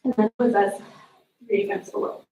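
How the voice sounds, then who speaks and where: Woman giving a eulogy from afar. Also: a little fast. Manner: storytelling, animated retelling of family moments. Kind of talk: memorial eulogy with family anecdotes. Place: memorial service room. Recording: distant echoey room mic, dull sound.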